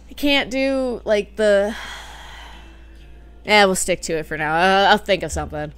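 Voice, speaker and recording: A woman's voice: mid-range voice, lively intonation, unhurried, pauses often, a bit bright, smooth. Giggly young woman doing let's play commentary. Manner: giggly, chatty, jokey asides. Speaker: game streamer. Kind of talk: casual let's play commentary and voicing characters.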